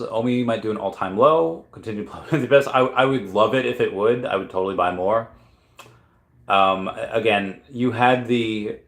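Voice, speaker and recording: A man hosting a casual livestream, reading out chat questions and answering them in a loose, rambling way, often correcting himself as he thinks aloud. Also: mid-range voice. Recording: roomy echo.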